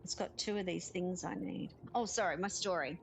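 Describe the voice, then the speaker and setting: A woman's voice: fairly low pitch, moderate pace, gravelly, slight background noise, rough recording. A woman chatting casually while playing a game, giggling often and reading game text aloud. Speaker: gaming streamer. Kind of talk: casual let's-play chat.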